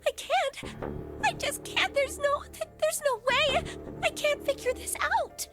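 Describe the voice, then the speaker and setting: A scared little girl crying, super high voice, game music behind. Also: unhurried, a bit bright. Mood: desperate. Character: terrified ten-year-old girl trapped, sobbing.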